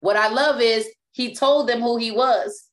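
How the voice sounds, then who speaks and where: A woman's voice: fairly high pitch, unhurried. A woman preaching a sermon as apostle and teacher, speaking emphatically and often repeating and restarting words.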